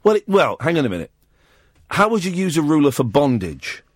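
A man's voice: a little high, fairly quick, slightly rough, no echo, studio quality. A man hosting a late-night phone-in radio show, chatting casually and playfully teasing a caller. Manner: playful, teasing and animated, with frequent laughter. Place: radio studio. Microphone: close studio microphone.

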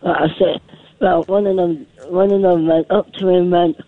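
A man's voice: sits high, little pitch movement, dry recording. Hesitant Scottish man on a tinny phone. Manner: hesitant, halting. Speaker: caller.

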